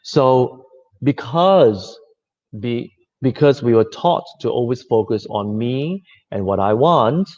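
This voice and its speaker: Gentle, reflective man, slightly muffled audio. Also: mid-range voice, animated, slow pace. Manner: gentle, conversational, many fillers. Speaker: speaker giving a talk. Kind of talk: reflective talk.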